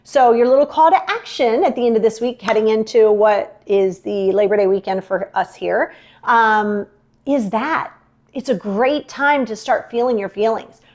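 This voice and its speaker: Middle-aged woman, higher voice, direct coaching self-help host. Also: moderate pace, a little mellow. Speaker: podcast host. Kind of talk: motivational self-help talk.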